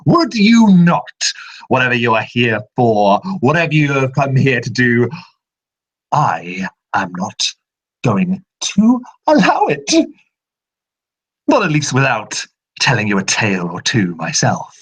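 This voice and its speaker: A man voicing the trapped, bitter male spirit of a book, speaking in a high, giddy and unhinged way. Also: big pitch swings, takes it slowly, fairly bright tone, heavily acted, poor audio. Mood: menacing.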